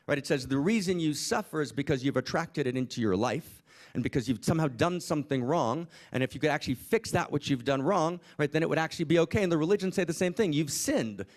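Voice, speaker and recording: A man's voice: a little high, lively intonation, fast, darkish tone. A man giving an impassioned inspirational talk to a summit audience, full of rhetorical questions and repeated "right?". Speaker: speaker at a summit. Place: conference room with audience.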